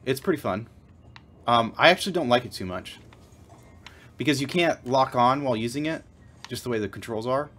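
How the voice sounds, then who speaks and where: A man's voice: medium pitch, animated, a little fast, long pauses, fairly bright tone. A man co-hosting a livestream while playing a game, talking in a laid-back way. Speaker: co-host playing a video game. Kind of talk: casual livestream chat.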